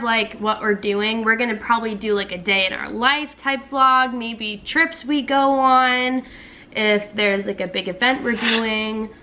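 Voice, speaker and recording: Young female vlogger in her 20s, chatty and rambling, bright higher voice. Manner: chatty, heavy on filler words. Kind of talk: casual couple chat. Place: home, with a pet dog.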